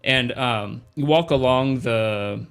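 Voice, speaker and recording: A man narrating a space-themed tabletop game as its game master, with frequent pauses and fillers. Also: mid-range voice, a bit bright, clean tone, soft background music. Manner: halting, with many fillers.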